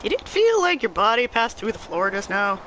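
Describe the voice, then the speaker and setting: A woman voicing a cheeky, tough-talking young woman adventurer who uses rough slang. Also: on the high side, sing-song, normal speed, a bit bright, slight background noise, poor audio. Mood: brash. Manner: tough-talking, swears lightly, says mate. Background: game music.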